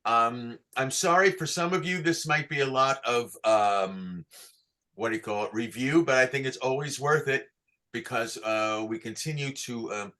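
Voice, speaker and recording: A man teaching a class on chanting, who asks patient questions and sings short phrases slowly to show how they go. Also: medium pitch, sharp tone. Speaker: cantor teaching Torah chanting. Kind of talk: online class, chanting examples.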